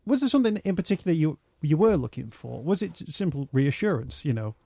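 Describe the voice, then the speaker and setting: Gentle, mellow-voiced male host. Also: on the high side, sing-song, brisk, creaky, no room sound, studio quality. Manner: gentle, thoughtful questioning. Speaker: radio show host. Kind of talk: interview questions.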